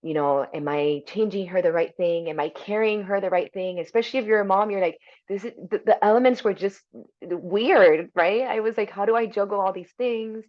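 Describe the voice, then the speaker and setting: A woman's voice: medium pitch, a little fast. A woman speaking as a podcast guest, candidly and reflectively, often tagging her thoughts with "you know" and "right?". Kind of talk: candid conversational storytelling. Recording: dull lo-fi sound.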